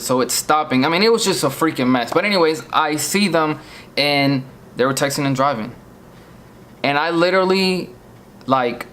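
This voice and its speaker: A man's voice: a little high, a bit bright, slight background noise. A man from Virginia recounts a near crash in a vlog, shaken and earnest, often repeating himself as he pleads with viewers. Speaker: vlogger.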